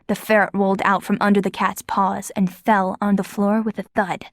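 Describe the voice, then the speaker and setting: A woman narrating an audiobook in a lively, expressive storytelling manner. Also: mid-range voice, normal speed, no echo, studio quality. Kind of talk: scripted narration.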